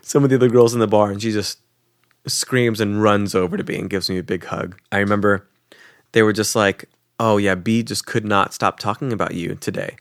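Talking a little fast, a young podcast co-host shares a travel story in a clean studio setting with no echo. He's animated and casual, jumping in pitch to impersonate the people he quotes, swearing loosely and leaning on fillers like "like".

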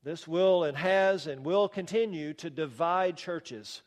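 A man's voice: on the high side, slow pace, few pauses. A man preaching a sermon as pastor, emphatic and rhetorical, with touches of wry humor. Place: church sanctuary. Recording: long reverb of a church hall.

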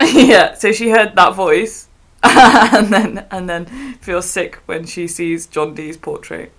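A woman's voice: lowish voice, fairly even intonation, slow, a bit bright. A woman co-hosting a casual chat and reading letters aloud, giggling often as she talks. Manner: giggly, laughs often mid-sentence. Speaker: podcast co-host.

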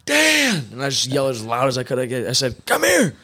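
A man's voice: medium pitch, flat delivery, rapid-fire, fairly bright tone, no room sound, clean studio sound. A man co-hosting a podcast, talking in hyped, slangy banter. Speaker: podcast co-host. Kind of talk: casual podcast chat.

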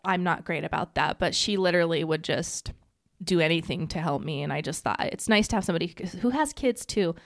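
A woman's voice: on the low side, brisk, few pauses, no room sound, clean studio sound. A middle-aged woman co-hosting a podcast, telling personal stories in a casual, emotional, rambling way. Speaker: podcast co-host. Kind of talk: casual chat.

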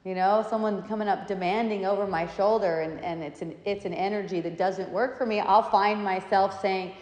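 A woman's voice: medium pitch, steady tone, normal speed, darkish tone. A woman telling stories in a casual talk, meandering and often breaking into laughter. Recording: echoey room with long reverb.

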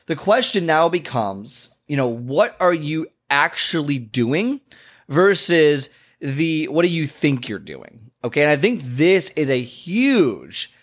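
Taking it slowly, this fitness and health coach speaks casually to camera about the reasons people miss their goals. He narrates with animation, often asks "okay?" or says "you know", and his pitch shoots up when he plays out conversations with clients and himself.

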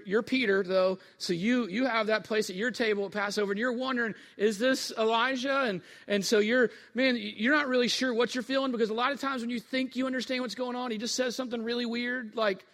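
A male pastor preaching in a casual, storytelling way, drawing the listeners straight into the story. His voice sits high for a man. A long reverb trails each phrase, like a big hall. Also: a bit bright. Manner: conversational storytelling, speaks to listeners as "you". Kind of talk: sermon.

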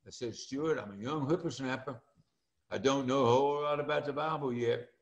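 An older man, telling stories in a folksy, animated way as an interview guest. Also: mid-range voice, fairly quick, reverberant. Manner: folksy and animated, acts out quoted voices. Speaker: interview guest, former speaker and coach. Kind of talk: storytelling interview.

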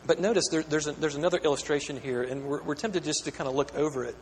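A man's voice: fairly high pitch, fairly even intonation, quick pace. A pastor preaching a sermon, earnest and questioning, often repeating words as he builds a point. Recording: echoey hall with long reverb, faint hum.

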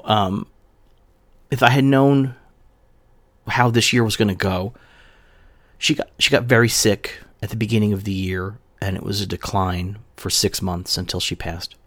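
A man's voice: lowish voice, no echo. A male podcast host reading a eulogy for his wife and then talking to his listeners, emotional and heartfelt, with his voice rising and falling with feeling.

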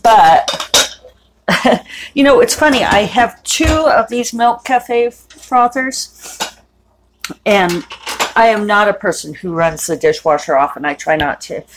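This middle-aged woman hosts a chatty, rambling podcast, frequently laughing at herself as she goes from her home kitchen to outdoors. Her mid-range voice is slow, with long pauses, and there's background noise.

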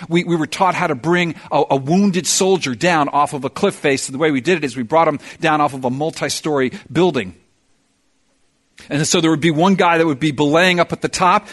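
A male pastor delivers a sermon with animated storytelling, often doubling back on his words as he builds up. His voice sits a little high for a man. He moves into prayer in the same earnest preaching manner.

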